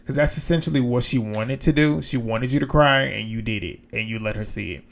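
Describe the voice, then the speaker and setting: A man with a middle-of-the-road pitch talks through a reality show episode in loose, chatty commentary. He is frank and blunt, and he swears freely as he gives his opinions. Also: a little fast, vocal fry. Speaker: reality TV recap host. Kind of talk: casual recap commentary.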